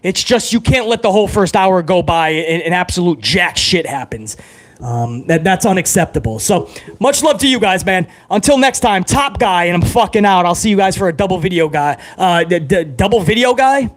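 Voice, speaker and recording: A wired, over-caffeinated man hosts a live reaction stream, chatting loosely with viewers and swearing freely. His voice sits notably high and bounces with excitement. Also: moderate pace.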